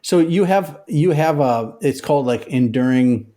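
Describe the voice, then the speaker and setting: A man's voice: a little high, animated, normal speed, mellow. A man hosting a casual interview, asking questions in a friendly, joking way. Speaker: podcast host.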